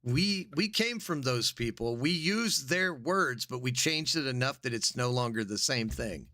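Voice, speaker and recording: A man's voice: mid-range voice, expressive, a little slow, bright, forceful tone, no echo, studio quality. An American man co-hosting a podcast in casual chat, joking crudely and riffing. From United States. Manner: joking, crude, mocks accents and puts on voices. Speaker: podcast co-host.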